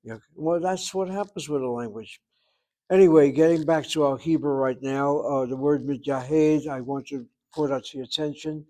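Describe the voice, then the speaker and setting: A man teaching a Hebrew grammar lesson, explaining patiently and repeating words slowly to show how they sound. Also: medium pitch, mellow, poor audio. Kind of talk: classroom grammar lecture.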